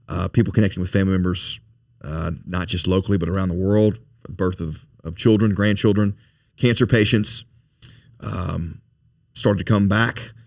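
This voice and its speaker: A man's voice: low voice, dry recording, clean studio sound. A man, a foundation president, speaking as a podcast guest in an earnest, storytelling way, often repeating and restarting his words. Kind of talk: conversational interview storytelling.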